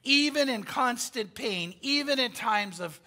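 A man's voice: extremely high pitch, animated, unhurried, bright, forceful tone. A man preaching a sermon, telling a story in an emphatic, conversational way with frequent fillers. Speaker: pastor.

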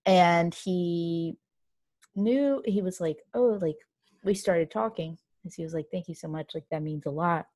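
A young woman with a fairly low voice chats casually as co-host, telling her story in long run-on bursts full of "like" and restarts. The sound is dry and close, with no room around it. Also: a little slow, dry recording. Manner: animated, run-on storytelling with many fillers.

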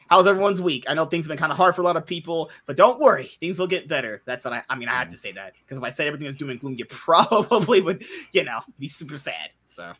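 Animated, bright-voiced podcast host. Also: male voice, on the high side, fast talker, few pauses. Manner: animated, laughing, exclaims in disbelief. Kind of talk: casual chat.

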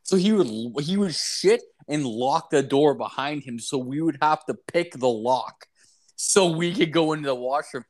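A young man co-hosting a podcast, swearing constantly and telling animated crude stories in casual chat. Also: fairly high pitch, normal speed. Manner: profane, animated storytelling. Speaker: podcast co-host.

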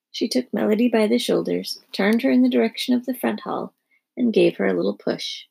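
A woman narrating a children's storybook in a lively storytelling manner. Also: mid-range voice, fairly quick, gravelly, husky.

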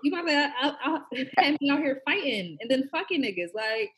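A woman's voice: high voice, big pitch swings, moderate pace. A woman co-hosting a podcast, telling stories in slangy casual chat, often breaking into laughter. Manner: loud, laughing, slangy storytelling. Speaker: podcast co-host.

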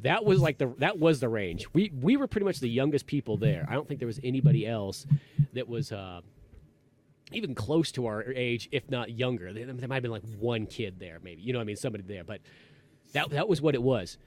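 A man hosting a podcast, telling a rambling, animated story in casual chat and acting out quotes in a raised voice. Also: mid-range voice, fairly quick. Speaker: podcast host.

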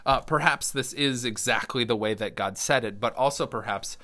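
A man's voice: medium pitch, normal speed, pushed and bright, no echo. A middle-aged man, a Lutheran pastor, teaching a Bible study in a conversational way and reading scripture aloud. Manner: conversational, restarts and fillers, acts out quoted voices.

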